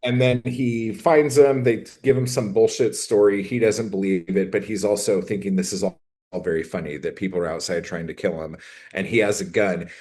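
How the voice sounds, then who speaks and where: A man's voice: fairly low pitch, fairly even intonation, moderate pace, mellow. A man co-hosting a podcast, recapping a film in a crude, rambling, joking way. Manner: crude, rambling, jokey storytelling with acted-out quotes. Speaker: podcast co-host. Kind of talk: casual chat recapping a film.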